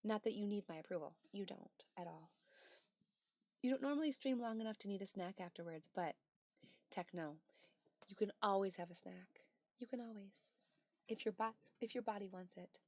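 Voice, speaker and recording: In a dry recording, a woman streaming live chats casually, reading out chat messages and replying with bright outbursts and soft asides. She speaks at medium pitch and a moderate pace.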